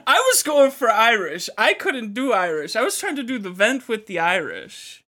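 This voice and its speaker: A man co-hosting a stream, with a bright, forward voice that swings widely in pitch. He stammers and restarts a lot, giggling at himself in loose, casual banter. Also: very animated, normal speed. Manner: stammering, giggly, self-deprecating. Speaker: stream co-host.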